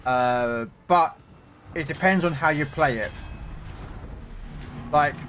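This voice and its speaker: A middle-aged British man talks on a game stream in a loose, rambling way. His voice sits a little high for a man, and he keeps stopping and restarting his sentences with plenty of fillers. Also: takes it slowly, a bit bright, a little hiss or hum. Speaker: gaming streamer. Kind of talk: casual chat.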